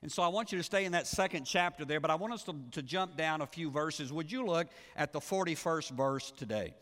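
A man's voice: fairly high pitch, expressive, fairly quick, fairly bright tone. Man preaching in an echoing hall. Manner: conversational preaching with frequent restarts and rhetorical questions. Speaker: pastor. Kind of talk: sermon.

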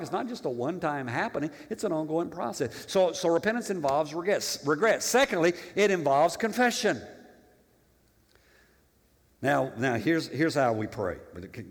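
A male pastor preaching a conversational sermon, restarting phrases and asking the congregation rhetorical questions. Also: on the high side. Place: church. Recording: long reverb of a church hall.

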